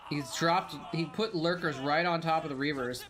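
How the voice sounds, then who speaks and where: A crowd can be heard behind this man, whose voice runs on the high side at a moderate pace. During his stream of old pro matches, he gives relaxed, chatty commentary and reads viewer messages aloud in a rambling way.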